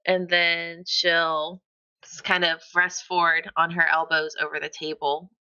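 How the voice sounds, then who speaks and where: A woman's voice: lowish voice, flat delivery, measured pace, pushed and bright, clean tone, muffled recording. A woman playing a tabletop role-playing game, describing her character animatedly. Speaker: player.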